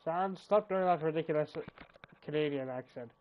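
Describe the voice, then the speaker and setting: Guy putting on a loud bossy skeleton bro, high and pushy, muffled fan-dub mic with hum behind. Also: moderate pace, lightly acted. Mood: indignant. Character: loud brash tall skeleton brother. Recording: muffled with steady background noise.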